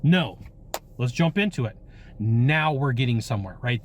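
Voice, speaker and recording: A man's voice: medium pitch, animated, normal speed. An American man hosting a sales training show, talking in an upbeat, emphatic way while outdoors on a windy coast. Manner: upbeat, emphatic, playful repetition. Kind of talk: energetic outdoor sales talk.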